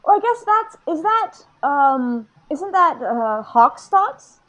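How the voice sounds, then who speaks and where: Higher-voiced chatty woman podcaster. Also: sing-song, takes it slowly, a bit bright, dull audio. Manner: chatty, thinks aloud with many "like"s. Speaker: podcast co-host. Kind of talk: casual chat recapping a manga chapter.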